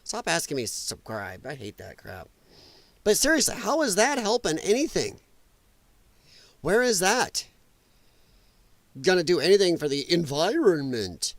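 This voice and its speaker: A man's voice: sits high, wildly swooping pitch, measured pace, pauses often, no room sound. A man hosting a live political commentary show, ranting in an exasperated, mocking and profane way. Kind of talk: live solo political rant.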